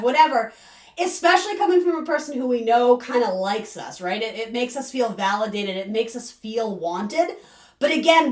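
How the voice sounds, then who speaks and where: A woman's voice: on the high side, far from the mic. A woman giving a casual, rambling tarot reading to camera, full of asides and fillers. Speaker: tarot reader. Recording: echoey room, voice a bit off-mic.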